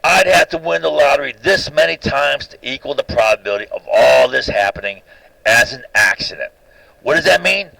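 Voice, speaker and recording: A man giving a lecture monologue, insistent, constantly checking with "right?" and growing louder and higher when worked up. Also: lively intonation, brisk, creaky, no echo, rough recording. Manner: rising pitch and volume when agitated.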